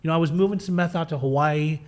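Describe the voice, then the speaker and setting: A middle-aged man with a somewhat high-pitched voice tells his own story in a relaxed, candid interview. He is animated, swears casually, and acts out the people he quotes. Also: quick pace. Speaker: guest sharing his recovery story.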